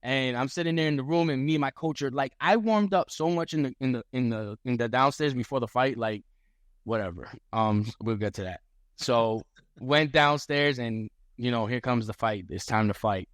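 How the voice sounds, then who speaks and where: A man on a podcast as a guest fighter, telling a story in casual chat, animated and profane, acting out what others said. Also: mid-range voice, normal speed, dry recording, studio quality. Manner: animated, profane, acts out quotes.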